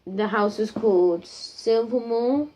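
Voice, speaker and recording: A woman's voice: on the high side, slow, mellow. A woman improvising a spooky story in a rambling, casual way, full of fillers and restarts, on a dull lo-fi home recording.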